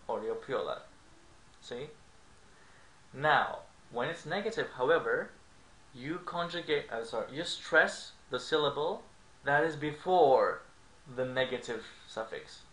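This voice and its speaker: A man's voice: mid-range voice, fairly bright tone. A man explaining grammar in an online language lesson, checking in with frequent "okay?" asides. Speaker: language teacher. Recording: echoey room with faint noise.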